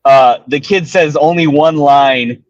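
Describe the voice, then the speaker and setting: A man chatting casually about a movie while driving, excitable, laughing a lot and swearing casually. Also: fairly high pitch, takes it slowly, highs cut off. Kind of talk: casual chat. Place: in a car.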